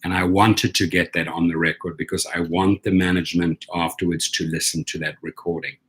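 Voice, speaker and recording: A man's voice: low-pitched, little pitch movement, brisk, a bit bright, breathy edge. A man telling viewers an indignant story about his treatment, often checking in with "right?". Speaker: rideshare driver and channel host. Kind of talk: casual storytelling rant to camera.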